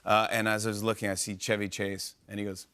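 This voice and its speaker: A man's voice: on the low side, level tone, fast, noisy background. A middle-aged man hosting a talk show, telling a rambling story with lots of fillers and laughs. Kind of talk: casual storytelling monologue. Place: TV studio stage.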